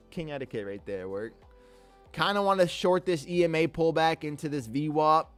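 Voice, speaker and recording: Laid-back male day-trading streamer. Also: a little high. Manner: laid-back, upbeat, greets chatters as king and brother. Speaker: live-streaming day trader. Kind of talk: live trading commentary with chat shout-outs.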